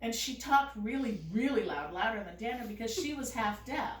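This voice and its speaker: A woman tells a family story in a lively, animated way, her voice fairly high and swinging widely in pitch. She sounds roomy and a little distant from the microphone. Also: moderate pace. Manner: animated, often laughing mid-story. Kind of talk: casual spoken anecdote.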